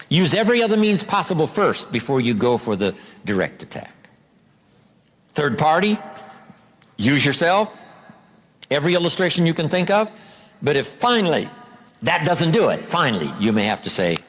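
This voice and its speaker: A man giving a motivational seminar talk, emphatic, stretching out key phrases for drama. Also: mid-range voice. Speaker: motivational speaker.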